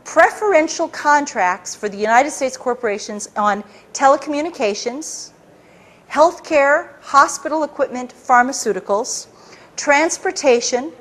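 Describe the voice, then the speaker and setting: A woman's voice: high voice, measured pace. A middle-aged woman, a former intelligence liaison, telling her story to an audience and acting out what people said. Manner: animated, acts out quoted people. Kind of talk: recounting events to an audience.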